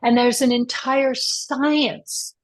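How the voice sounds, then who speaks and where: A woman's voice: sits high, steady tone, slow. A middle-aged woman, a therapist, speaking reflectively in an interview and often checking in with a rising "right?". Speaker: therapist guest. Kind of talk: conversational interview.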